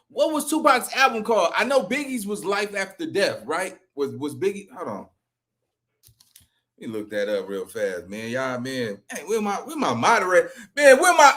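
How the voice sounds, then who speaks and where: Man, high voice, live stream reaction, rambling, profane, repeats himself. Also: pushed and bright.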